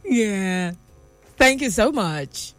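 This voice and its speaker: A woman hosting a live morning radio show in a studio, exuberant and often shouting and laughing between her words. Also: mid-range voice, animated, drawn-out words, soft background music. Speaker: radio host.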